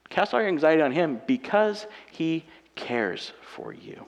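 High, gravelly preacher in a reverberant hall. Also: male voice, big pitch swings, a little slow, few pauses. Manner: conversational preaching, swinging between soft asides and loud emphatic passages. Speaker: pastor. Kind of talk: sermon. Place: church auditorium. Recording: hall reverb from a church sanctuary.

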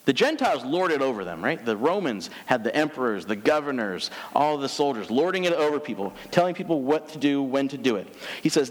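Lively man preaching in a big hall. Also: medium pitch. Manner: conversational, animated, reads scripture slowly. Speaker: pastor. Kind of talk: sermon. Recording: long hall reverb.

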